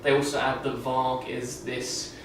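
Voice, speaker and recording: A man's voice: mid-range voice, completely flat delivery, measured pace, fairly bright tone, a little hiss or hum. Guy rambling a film review with tons of "like"s, echoey bathroom, far from the mic. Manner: rambling, lots of "like" fillers. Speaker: vlogger. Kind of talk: casual film review chat.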